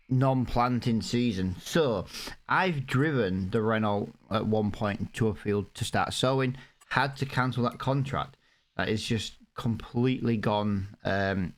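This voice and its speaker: Chatty low-voiced man narrating gameplay. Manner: chatty, rambling, many fillers and restarts. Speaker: gaming YouTuber. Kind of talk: casual let's-play commentary.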